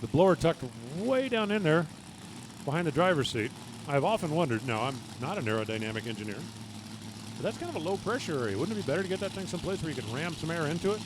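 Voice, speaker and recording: A man's voice: fairly high pitch, very animated, fast talker, background noise. A man giving live drag racing commentary, reading times and speeds with folksy, joking asides.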